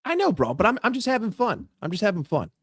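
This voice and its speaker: A young man ranting casually about football in a vlog, swearing freely and talking in a chatty, animated way. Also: sits high, fast talker, dry recording, studio quality. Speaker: football vlogger.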